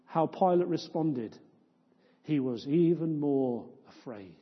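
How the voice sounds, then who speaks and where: A man preaching a sermon in a church, firing off rhetorical questions and swinging between loud, impassioned stretches and hushed ones. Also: fairly high pitch, expressive, takes it slowly, breathy edge. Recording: dull lo-fi sound with long church reverb.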